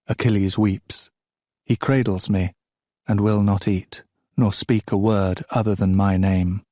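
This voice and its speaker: A man narrating an audiobook of a novel in a slow, measured, grave reading. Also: on the low side, fairly even intonation, dark tone, no room sound, clean studio sound.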